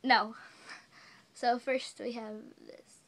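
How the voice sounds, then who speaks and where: A woman's voice: fairly high pitch, fairly even intonation, slow pace. A young woman vlogger chatting casually with a friend, playful, teasing and giggly. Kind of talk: casual chat.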